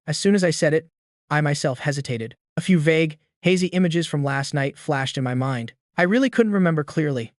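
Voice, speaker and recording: A man narrating a recap story in a steady reading voice. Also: on the high side, fairly quick, dry recording, studio quality.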